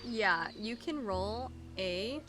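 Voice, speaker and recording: This woman runs a tabletop game on stream, narrating in an expressive, slightly bright, medium-pitched voice and drawing out her words. Against faint background music, she laughs, curses without restraint and teases her players in fun.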